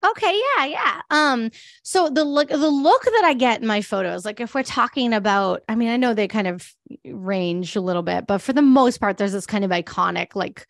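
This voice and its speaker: A woman's voice: on the high side, moderate pace, vocal fry, no room sound, studio quality. A woman pet photographer giving a casual presentation, chatty and full of fillers, laughing often. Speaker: guest speaker, pet photographer.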